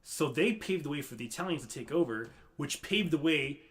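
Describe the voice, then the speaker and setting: A young man with a slightly high voice chats in a relaxed, slangy way on a podcast. He calls his friend "dude" and is quick to agree as they talk. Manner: laid-back and slangy, says "dude", agrees often. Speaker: podcast co-host. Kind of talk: casual chat.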